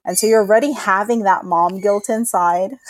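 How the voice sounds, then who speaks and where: A woman's voice: medium pitch, steady tone, normal speed, no echo. A woman in her thirties, co-hosting a podcast, telling her story with feeling and acting out what others said to her. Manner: emotional storytelling, acts out other people's remarks. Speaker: podcast co-host. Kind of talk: candid personal conversation.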